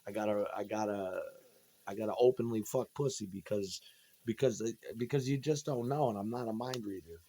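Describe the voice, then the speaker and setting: A man's voice: on the low side, normal speed, warm tone. A man in a rambling, profane monologue from home, agitated and tripping over his words. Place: at home, indoors.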